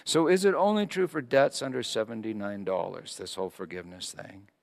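A man's voice: fairly quick, vocal fry. A man preaching a sermon, dramatic and storytelling, in a church. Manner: dramatic, rising to high excited quoted voices. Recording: long reverb of a large hall.

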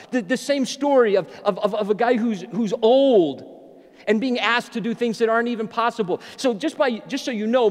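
Animated high-voiced preacher in an echoing hall. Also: male voice. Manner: animated, joking storyteller. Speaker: pastor. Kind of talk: sermon.

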